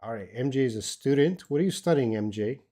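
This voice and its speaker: An older man with an Australian accent, an English teacher casually answering viewers' questions in a live stream lesson, with relaxed, rambling speech full of fillers and restarts. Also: medium pitch, fast.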